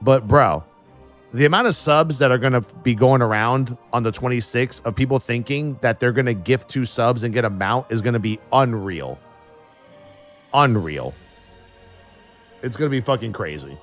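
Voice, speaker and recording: A man's voice: medium pitch, fairly quick, faint music behind. A man streaming live and riffing in a casual, profane and sarcastic way.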